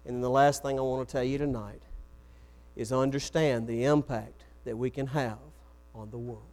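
A man's voice: mid-range voice, steady tone, normal speed, a little mellow. A man preaching a sermon, telling stories and acting out the quoted voices. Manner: storytelling, acts out quoted voices.

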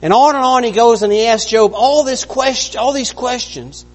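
A man's voice: very high-pitched, moderate pace. A man preaching an earnest, conversational sermon, acting out the lines he quotes. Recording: long reverb of a large hall.

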